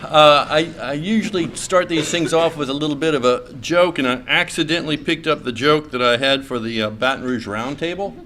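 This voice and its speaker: A man's voice: a little high, a little fast, hardly any pauses, bright, forceful tone, a little hiss or hum. A middle-aged man from Louisiana, a state senator giving a folksy club speech full of fillers and restarts. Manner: folksy, hesitant with many fillers and restarts, joking. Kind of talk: after-lunch club speech. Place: club meeting room.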